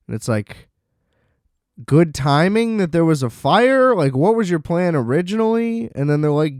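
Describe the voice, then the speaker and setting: Man, podcast host, sarcastic rant, exasperated, slow-talking, smooth voice. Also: fairly high pitch, animated, a little mellow, no echo, clean studio sound. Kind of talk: casual rant review.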